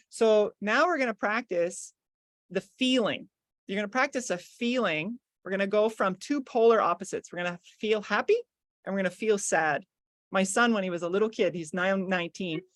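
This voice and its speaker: A woman's voice: medium pitch, no echo, clean studio sound. Middle-aged woman coaching a group call. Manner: lively, coaching, swings between bubbly and hushed. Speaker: workshop guest leading the call. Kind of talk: guided visualization on a group call.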